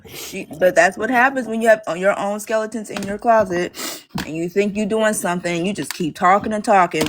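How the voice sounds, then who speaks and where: A woman's voice: medium pitch, a little fast, noisy background. A woman joining a livestream as a guest, chatting casually and backing up the host. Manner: supportive, hyping the host.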